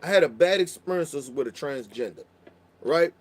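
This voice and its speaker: A man's voice: a little high, expressive, normal speed. A man telling a long story in casual chat, profane and rambling, often restarting his sentences. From Baltimore.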